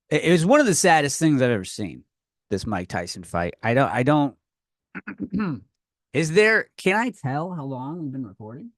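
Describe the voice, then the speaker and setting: A man's voice: medium pitch, very animated, moderate pace, dry recording, studio quality. Swearing man ranting on a podcast. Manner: profane, ranting, with frequent restarts. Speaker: podcast host. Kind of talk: comedic rant. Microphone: podcast microphone.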